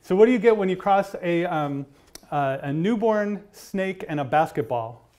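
A man's voice: high voice, expressive, normal speed, darkish tone. A man giving a university lecture on policy advocacy, conversational, with frequent fillers and restarts. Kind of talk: public lecture. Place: lecture hall.

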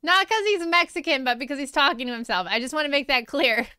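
Woman, streaming artist, casual chat with viewers, self-deprecating, laughs easily, fairly high voice, dry close-mic sound. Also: fast, sharp tone, no room sound.

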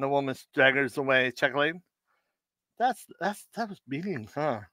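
Man, live stream host, corny jokes, stumbles over words, slow delivery, dry sound. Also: medium pitch, lively intonation, sharp tone, no echo. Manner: tells corny jokes, stumbles and restarts, laughs at own jokes. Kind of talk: casual joke telling.

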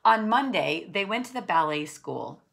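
A woman reading a children's picture book aloud, telling the story in an expressive storytelling way. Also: fairly low pitch, creaky. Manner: expressive, unhurried storytelling with voiced characters. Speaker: storybook reader.

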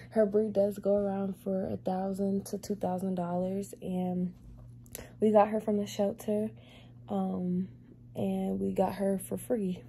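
A young woman vlogging in a casual chat, doting and talking baby talk to her cat, sometimes drifting into soft whispers. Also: medium pitch, little pitch movement, slow, slight background noise.

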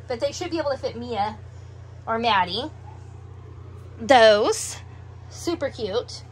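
A middle-aged woman with heavy breathing after a meal, chatting in an unhurried, musing way as she shows off a clothing haul at home. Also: sits high, slight background noise. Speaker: doll collector showing a clothing haul. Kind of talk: casual show-and-tell vlog.

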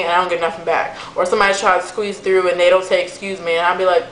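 A woman's voice: on the low side, fairly even intonation, quick pace, few pauses, a bit bright, reverberant, slight background noise, poor audio. A young woman venting to camera in a casual vlog, chatty and exasperated, with lots of fillers. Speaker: vlogger. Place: room at home.

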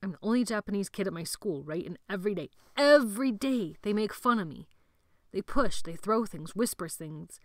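Woman reading a quiet, bitter teen boy. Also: medium pitch, fairly quick, dry recording, clean studio sound, close to an everyday voice.

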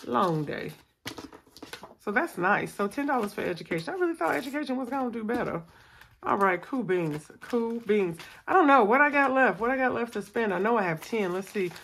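Tired woman host, bright and crisp, chatty and self-talking, counting aloud at home. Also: a little high, animated, fairly quick, a little hiss or hum. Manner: chatty, talks to viewers and herself, counting aloud. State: tired after a long workday. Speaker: budgeting channel host. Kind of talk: casual chat while playing a savings game.

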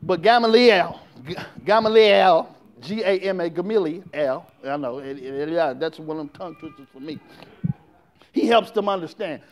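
A man preaching a sermon as pastor in a call-and-response style, often rising to shouts. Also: a little high, expressive, moderate pace.

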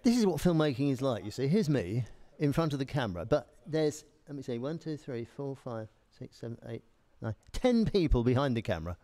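A man's voice: medium pitch, lively intonation, brisk, few pauses, mellow. A man, joking and chatting playfully as a performer in a live demonstration. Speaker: green screen performer.

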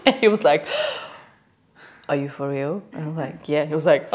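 Low-voiced sarcastic woman. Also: moderate pace. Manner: sarcastic, deadpan, laughs often. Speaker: co-host. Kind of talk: casual podcast chat.

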